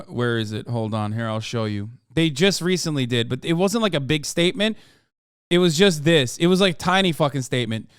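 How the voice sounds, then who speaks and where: Male streamer, slightly high, smooth voice, blunt and profane, dry close sound. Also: fairly bright tone, dry recording. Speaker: livestreamer. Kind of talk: casual political commentary to chat.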